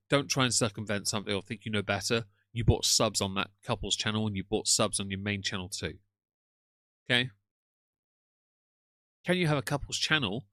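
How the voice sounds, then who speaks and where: A man's voice: medium pitch, pushed and bright, no echo, clean studio sound. A man streaming live, commenting on another streamer's content in a sarcastic, lecturing tone, and tired.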